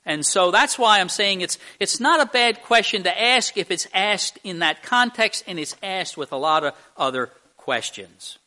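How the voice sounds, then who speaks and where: A male pastor preaching a conversational sermon in church, halting with fillers and restarts and speaking directly to the children. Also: high voice, expressive, sharp tone. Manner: addresses children in the congregation directly.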